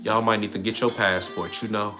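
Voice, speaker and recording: A man's voice: fairly low pitch, fairly even intonation, moderate pace, sharp tone. A man hosting a casual livestream monologue, talking in slang and preaching through rhetorical questions. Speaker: livestream host. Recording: music under the voice. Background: music playing.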